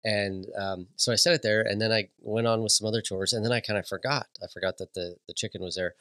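A man hosting a podcast, telling a casual story with animated delivery, frequent laughs and many restarts. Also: lowish voice, fast talker, clear, resonant tone, no echo. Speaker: podcast host.

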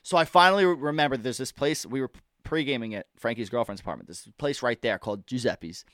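A young man on a podcast telling a party story in casual chat, animated and profane, acting out his friends' lines. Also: medium pitch, quick pace, dry recording, studio quality. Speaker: podcast co-host.

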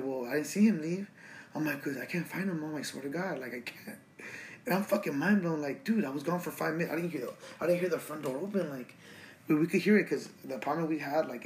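Against slight background noise, a twenty-something Los Angeles man with a mid-range voice rambles through a story. He swears freely and keeps stumbling into fillers and restarts, all in a casual tone.

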